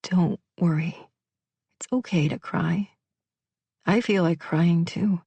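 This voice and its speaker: A woman voicing a gentle male firefighter. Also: fairly low pitch, slow, creaky, slightly rough, no room sound, lo-fi sound, full character voice. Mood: soothing. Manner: soothing, reassuring, soft-spoken.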